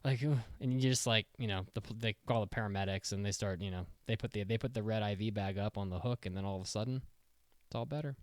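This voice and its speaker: A man in his thirties co-hosting a podcast, chatting casually in an excitable, rambling, jokey way. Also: lowish voice, fast, dry recording, studio quality. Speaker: podcast co-host. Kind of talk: casual chat.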